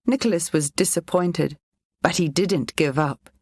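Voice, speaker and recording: A woman narrating a children's storybook in a clear, even reading voice. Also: lowish voice, measured pace, dry recording, studio quality.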